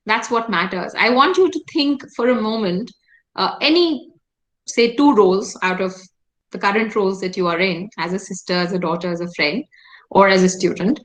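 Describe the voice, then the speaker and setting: Heard through rough video call audio, a woman with an Indian English accent and a medium-pitched voice speaks at normal speed. She keeps her online workshop interactive and engaging, often questioning her listeners and prompting replies.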